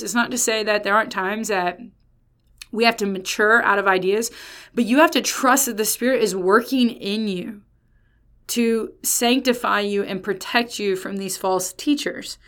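A woman's voice: medium pitch, a bit bright. Woman Bible teacher, casual and talky, mid-range voice, punches key words, trails off and restarts. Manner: chatty, emphatic, self-interrupting.

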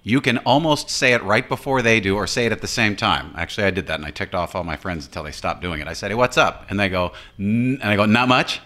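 Bright-voiced rambling man. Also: low-pitched, fast, hardly any pauses. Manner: rambling, self-deprecating, jokey. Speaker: podcast co-host. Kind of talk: casual chat.

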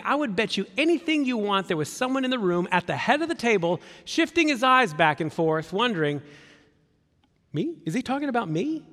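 A man preaching a sermon as pastor, conversational and animated. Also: sits high, big-room sound. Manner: conversational, animated, acts out quoted voices.

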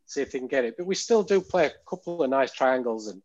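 A man's voice: medium pitch, expressive, fast talker, darkish tone. A man with a Yorkshire accent, co-hosting a football podcast, chatty and laughing between remarks, in dull lo-fi audio. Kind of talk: casual chat.

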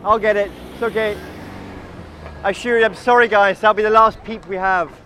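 A man's voice: high voice, fairly even intonation, brisk, sharp tone, faint music behind. A man leading a walking group outdoors on a city street, telling chatty, absurd comic stories and calling everyone guys. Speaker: comic tour guide.

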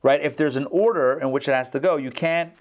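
Man, teacher, online class, video call, animated storyteller, conversational. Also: fairly high pitch, fairly quick. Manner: animated storyteller, acts out the characters. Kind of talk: casual lecture with storytelling.

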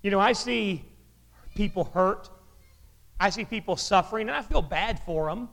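High-voiced man preaching in a hall. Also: moderate pace, vocal fry, a bit bright. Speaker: pastor. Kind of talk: sermon.

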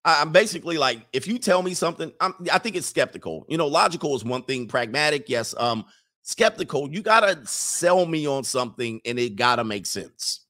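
A man in his forties hosting a casual commentary stream, joking and animated, often trailing off while searching for a word. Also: a little high, fairly quick. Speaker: host reacting to clips and super chats.

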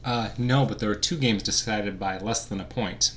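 A man's voice: on the low side, moderate pace, fairly bright tone, slight background noise. A man hosting a podcast, playfully quizzing and teasing his co-host. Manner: playful, teasing, quiz-master delivery. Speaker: podcast host running a quiz. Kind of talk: casual podcast banter.

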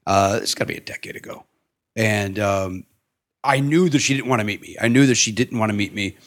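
A man hosting a podcast, telling comedic stories in casual chat with an animated manner. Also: lowish voice, a little fast. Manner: animated, swings into exaggerated voices for quotes. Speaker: podcast host.

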